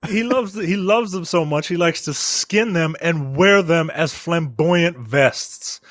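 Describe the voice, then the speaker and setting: A man's voice: on the high side, measured pace, no room sound, clean studio sound. A man co-hosting a podcast in casual chat, ranting in exasperation with lots of filler words. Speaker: podcast co-host.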